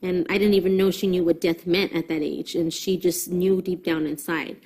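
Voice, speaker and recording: A woman's voice: on the low side, flat delivery, normal speed, a little mellow. A mother in a documentary interview, telling a family story in an earnest, reflective way.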